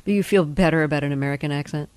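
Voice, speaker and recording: A woman interviewing an actor, asking measured, precise questions. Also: sits low, a little mellow, no room sound.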